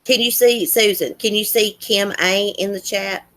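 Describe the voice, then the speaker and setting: A woman's voice: medium pitch, fairly even intonation, moderate pace, fairly bright tone, slight background noise. A woman with a Southern US accent, hosting a livestream in casual chat and answering comments in a chatty, countrified drawl. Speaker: livestream host.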